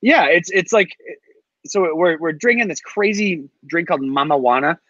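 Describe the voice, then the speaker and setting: Chatty man with a slightly high, dull voice. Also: normal speed, dry recording. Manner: animated storyteller, filler-heavy. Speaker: guest, co-host of a cigar show. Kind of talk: casual chat.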